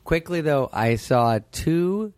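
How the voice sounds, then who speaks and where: A man's voice: a little high, lively intonation, slow pace, darkish tone, no room sound. A man visiting a podcast studio as a comedian guest, talking in a dry, sarcastic way. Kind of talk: casual comedic podcast banter. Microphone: studio mic.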